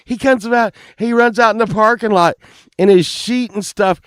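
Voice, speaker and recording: A middle-aged man, telling a casual anecdote and loudly acting out the people in it. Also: high voice, unhurried, no echo, clean studio sound. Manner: animated, acts out quoted lines loudly, laughs while telling. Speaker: storyteller.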